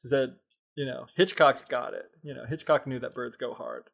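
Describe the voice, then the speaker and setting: A man's voice: mid-range voice, fairly even intonation, normal speed, creaky, fairly bright tone. A man co-hosting a live stream, chiming in with dry, amused remarks. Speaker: podcast co-host. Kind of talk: casual chat on a live stream.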